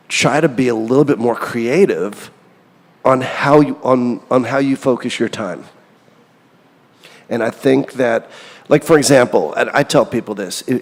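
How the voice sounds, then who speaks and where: A middle-aged songwriter, guesting on a casual interview, talks candidly in a rambling, self-deprecating way. His voice is medium-pitched, and the recording has a big-room sound.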